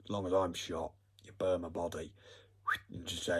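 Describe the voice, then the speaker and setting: A man talks in a long, meandering, profane monologue. His voice is low and husky, and his thoughts drift loosely from one point to the next. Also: level tone, normal speed, long pauses. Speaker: vlogger. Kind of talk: rambling monologue.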